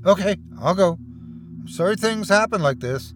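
A man's voice: high voice, animated, normal speed, pitched above the performer's own voice. Man doing a nervous, placating salesman. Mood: frightened. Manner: anxious, placating, stammering. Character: nervous, pushy male door-to-door salesman.

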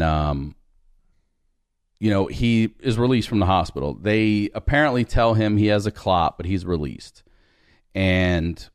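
A man's voice: sits low, darkish tone, no echo, studio quality. A man in his forties telling a personal story, acting out the dialogue and swearing freely. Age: 40s. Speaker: podcast guest. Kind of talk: storytelling in casual conversation.

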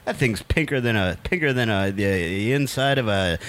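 Bright sounding guy on a comedy podcast, lots of uhs and restarts. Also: on the low side, expressive. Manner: halting, many fillers and restarts. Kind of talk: casual chat.

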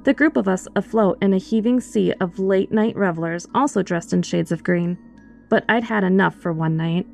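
A woman tells a first-person horror story from a script, her storytelling voice expressive and creaky, pitched medium, at a normal speed. Faint music plays behind her.

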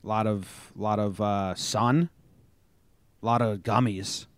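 Speaking slowly in a lowish, steady voice, this podcast co-host rambles casually through his stories with frequent chuckles. There's no room sound on the recording.

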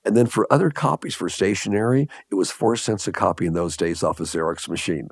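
A man's voice: sits low, fairly quick, no echo, studio quality. An older man from Los Angeles, telling stories in an interview at a leisurely pace, repeating phrases for emphasis and chuckling. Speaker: guest, entrepreneur. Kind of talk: interview storytelling.

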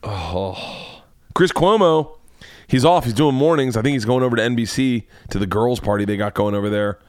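A man's voice: mid-range voice, a little mellow, no room sound, studio quality. A man hosting a comedy podcast, rambling through celebrity news with lots of swearing. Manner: profane, rambling, quick asides. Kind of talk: casual comedy podcast rant.

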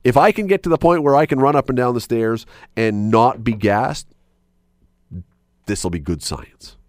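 A man's voice: mid-range voice, normal speed, no echo, clean studio sound. A man hosting a radio talk show, rambling and correcting himself as he talks. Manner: animated, rambling, self-correcting. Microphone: studio microphone.

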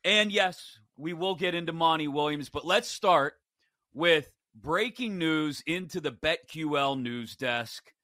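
A man's voice: a little high, a little slow, bright, forceful tone, dry recording. A man hosting a sports betting show, opening it in upbeat casual chat. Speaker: host.

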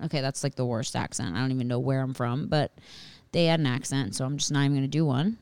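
Woman host, low and smooth, profane rambling storyteller. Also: animated, fast, no room sound. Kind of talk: casual storytelling monologue.

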